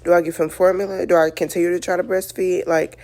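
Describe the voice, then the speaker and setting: Worn out young mom venting to her phone, low voice w some vocal fry, lots of like and you know. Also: flat delivery, quick pace, darkish tone. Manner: tired, candid, talks it through with many "like"s and "you know"s. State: exhausted. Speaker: new mother vlogging. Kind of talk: casual talk to camera.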